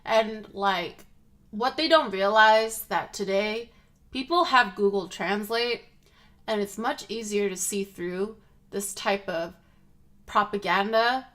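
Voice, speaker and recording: Woman, streamer, casual political commentary, rambling delivery, bright tone. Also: medium pitch, slow. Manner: rambling, lots of filler "like". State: feeling car sick.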